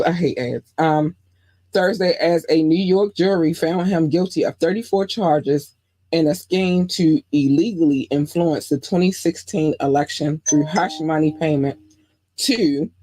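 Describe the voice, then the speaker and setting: A woman's voice: low-pitched, a little mellow, dry recording. Woman podcast host, casual news commentary, chatty asides, dry close sound. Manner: chatty, reads news aloud with frequent asides and questions.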